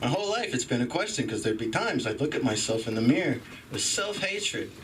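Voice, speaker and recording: A young man doing a profane stand-up set at a comedy club open mic, acting out loud voices as he tells stories. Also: medium pitch, brisk, far from the mic, slight background noise. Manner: animated, swearing storyteller, jumps into loud voices.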